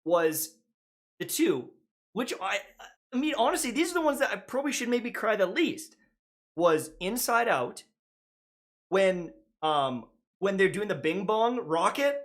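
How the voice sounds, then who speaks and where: Young male podcast co-host, high-pitched, loose rambling anecdotes. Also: sing-song, a little slow, pauses often. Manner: rambling, self-mocking storyteller. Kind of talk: casual chat.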